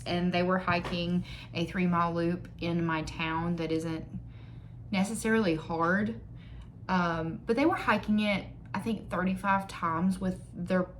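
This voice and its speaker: Slow-talking young woman vlogger, rambling. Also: fairly low pitch, a bit bright, slight background noise. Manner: rambling, joking and self-mocking; reads figures aloud from a screen. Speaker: beauty vlogger. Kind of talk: casual chat while doing makeup.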